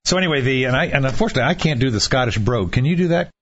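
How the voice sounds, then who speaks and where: Husky, lively podcast host. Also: male voice, medium pitch, very fast. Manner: chatty, laughs through his own stories. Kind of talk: casual comedic podcast chat. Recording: dull lo-fi podcast recording.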